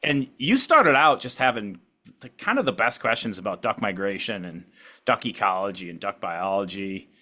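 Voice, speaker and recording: A man hosting a podcast interview in casual chat, upbeat, laughing often and talking in quick bursts. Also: on the low side, expressive, bright, forceful tone. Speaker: podcast host.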